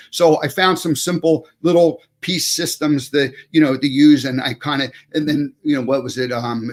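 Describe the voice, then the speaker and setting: A man hosting a casual online talk show over a video call, rambling loosely with plenty of fillers and restarts. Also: mid-range voice. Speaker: show host.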